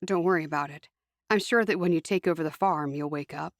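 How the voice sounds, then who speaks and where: A woman voicing a calm young Amish man. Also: deep voice, fairly quick, no echo, clean studio sound.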